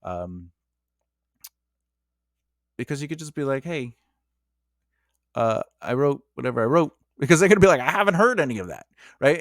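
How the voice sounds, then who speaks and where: A man's voice: mid-range voice, no echo. Man giving casual writing advice, dry. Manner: conversational, acts out quoted exchanges. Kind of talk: casual advice monologue to camera.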